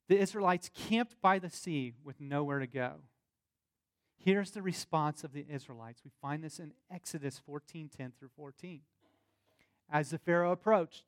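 A man's voice: fairly high pitch, clear, resonant tone, no echo, studio quality. A man preaching a sermon, reading scripture aloud and explaining it in a plain teaching tone with asides and questions to his listeners.

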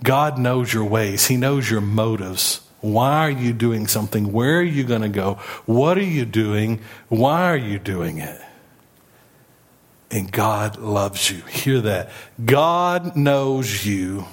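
Slow-preaching male pastor. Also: lowish voice, animated. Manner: slow, emphatic preaching with congregation call-and-response. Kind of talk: sermon.

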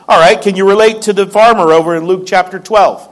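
A man's voice: high voice, fairly quick. A man preaching a sermon in a conversational way, with joking asides and repeated words. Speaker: pastor.

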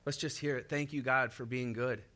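A man's voice: medium pitch, fairly even intonation, normal speed, pushed and bright. A young man preaching a sermon in an upbeat way, laughing often and leading the congregation in call-and-response. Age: young adult.

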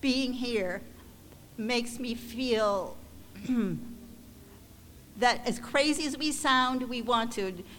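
Slow, halting woman in a reverberant hall. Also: fairly high pitch, a bit bright. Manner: halting and emotional, with many restarts. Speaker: ministry leader addressing supporters. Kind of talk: heartfelt church testimony. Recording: long hall reverb, faint background noise.

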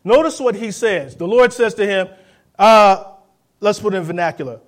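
A pastor preaches a spirited sermon in a high voice, hammering each point home and urging the congregation to respond. He drops into brief impressions of the people he quotes before going back to straightforward, forceful preaching.

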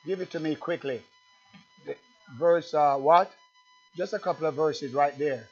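A man preaching a sermon, emphatic and fervent, swinging from loud bursts to low conversational asides and quizzing his congregation. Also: unhurried, faint music behind. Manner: asks the congregation questions. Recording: dull lo-fi church recording.

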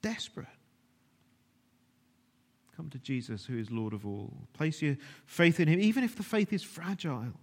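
A man preaching a sermon earnestly, at times dropping to a hushed, almost whispered voice. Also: on the high side, sing-song, fairly quick, hardly any pauses. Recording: long reverb of a large hall.

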